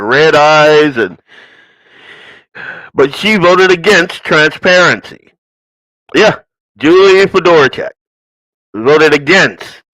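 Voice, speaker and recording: A man delivers political commentary as the show's host, his voice rising and falling a lot as he rants. He speaks slowly and leans on sarcasm. The sound is dry and close. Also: a little high, fairly bright tone, no room sound, poor audio. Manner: ranting, sarcastic, mocking asides. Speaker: podcast host.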